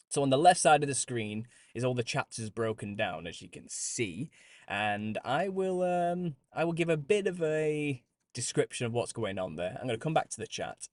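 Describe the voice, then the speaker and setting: A man's voice: medium pitch, no room sound. A British man hosting a live stream, chatting casually with listeners, laughing often and restarting phrases as he goes. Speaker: host.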